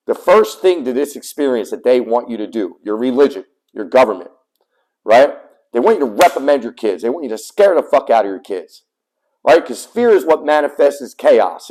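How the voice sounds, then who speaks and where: Give me a fed-up man venting straight to camera, profane and emphatic, with a medium-pitched voice. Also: a little mellow, poor audio. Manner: heated, profane and blunt. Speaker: small business owner telling his custody story. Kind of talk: direct-to-camera rant.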